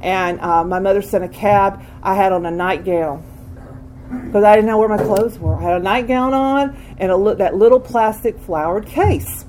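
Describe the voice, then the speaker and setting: Older woman telling her story haltingly. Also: mid-range voice, a little mellow, a little hiss or hum, rough recording. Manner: halting, candid, frequent restarts. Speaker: speaker sharing a recovery story. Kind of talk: personal testimony.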